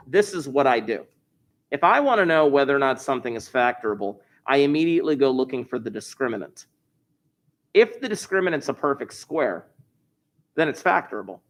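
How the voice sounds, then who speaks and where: Jokey male math teacher thinking aloud. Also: medium pitch. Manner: jokey, chatty, thinking aloud while working problems. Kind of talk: recorded class review lesson.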